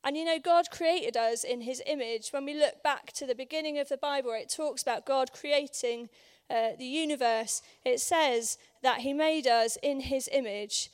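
A woman preaches to a church congregation in a loose, conversational sermon. Her voice sits high and sounds a little hoarse. She fills pauses with ums and keeps checking in with the room. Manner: conversational, many ums, asks the room for agreement. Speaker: guest preacher. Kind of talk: informal sermon. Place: church service.

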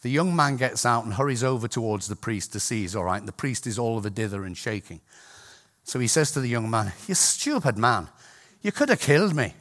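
A man's voice: fairly low pitch, fast talker, a bit bright. An older man from Scotland, preaching a sermon and telling jokes and stories, chuckling at his own anecdotes.

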